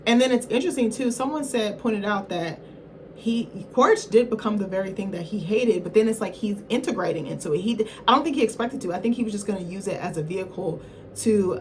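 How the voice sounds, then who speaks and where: A woman's voice: mid-range voice, slight background noise, low-quality recording. A woman vlogger giving a casual, rambling film review, swearing freely and acting out characters in quotes. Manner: chatty, profane, acts out characters in quotes; rambling, self-correcting, apologetic asides.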